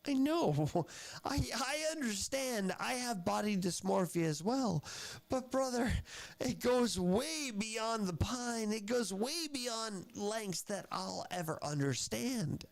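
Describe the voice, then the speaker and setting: A man's voice: sits high, animated, slow pace, gravelly. A man streaming his reactions to videos, talking in an emotional, rambling way with lots of swearing. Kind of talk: casual reaction livestream.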